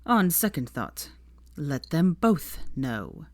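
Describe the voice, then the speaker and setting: A woman's voice: sits low, very animated, takes it slowly, no room sound, clean studio sound, exaggerated voice. A woman voicing a cold, drawling, menacing aristocratic older man in a storybook reading.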